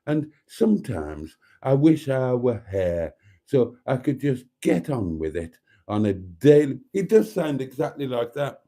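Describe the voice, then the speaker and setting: With a warm, mid-range voice, the Welsh man runs a casual live chat on his stream. Theatrical and camp, he chats freely while reading his viewers' comments.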